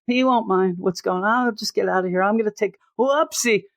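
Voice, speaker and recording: Man doing a high jittery bat-man creature. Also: fairly quick. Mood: nervous. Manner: babbling, keeps repeating himself. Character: jittery male bat-man, nervous rambling.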